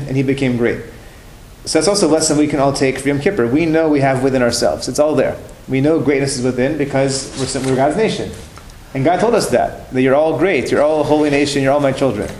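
A man's voice: medium pitch, darkish tone. A man telling religious stories in a class, in a conversational way that repeats and restarts phrases. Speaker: religious teacher. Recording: roomy room with faint noise.

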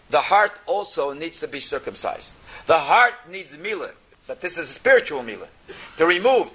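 Bright-voiced man teaching a Torah class. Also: high voice. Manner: reads Hebrew phrases then translates into English; explanatory, asks rhetorical questions. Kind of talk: text-based religious class.

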